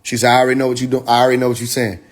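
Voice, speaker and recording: A man talking casually to his viewers on a phone livestream, excitable, laughing often and swearing freely. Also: mid-range voice, rapid-fire. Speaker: livestream host.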